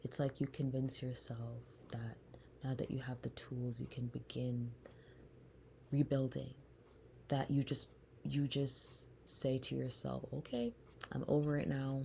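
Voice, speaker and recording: Slow, low-voiced reflective woman. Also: little pitch movement, slight background noise. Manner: soft, slow and reflective, often breathy. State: close to tears. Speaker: podcast host. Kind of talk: personal storytelling monologue.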